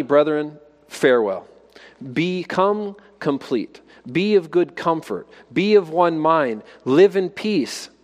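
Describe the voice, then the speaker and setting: A man's voice: on the low side, a little mellow. Man preaching in a reverberant hall. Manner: rhetorical questions, rising to emphatic exhortation. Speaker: pastor. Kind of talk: sermon.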